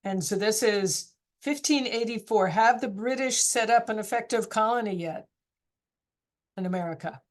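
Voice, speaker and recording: A woman's voice: on the high side, moderate pace. A woman teacher running a casual online class discussion, chatty and encouraging, asking students question after question.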